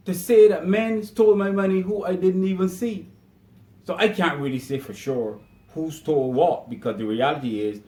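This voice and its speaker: A man's voice: a little high, darkish tone. A man, giving an indignant opinion monologue that keeps building to emphatic outbursts. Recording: echoey room.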